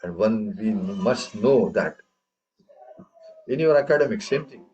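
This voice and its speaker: A man's voice: fairly low pitch, expressive, unhurried, a little mellow, highs cut off, slight background noise. A man teaching a tabla class, chanting rhythm syllables and quizzing his students. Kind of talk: classroom lesson.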